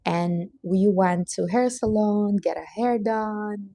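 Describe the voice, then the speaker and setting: A woman's voice: mid-range voice, slow, creaky, warm tone. A woman from Brazil, hosting a casual livestream in a blunt, emphatic, motivational way. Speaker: livestream host.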